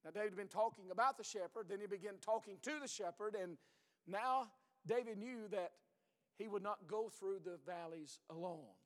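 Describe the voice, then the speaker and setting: Middle-aged male pastor, high voice, hoarse, earnest sermon, long church reverb. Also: moderate pace. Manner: earnest, repeats words, drops to a low intense voice.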